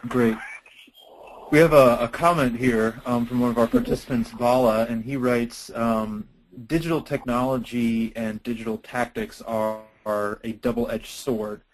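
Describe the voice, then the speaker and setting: A man with a mid-range voice moderates a webinar in a measured tone. He sounds somewhat far from the microphone. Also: mid-range voice, fairly even intonation.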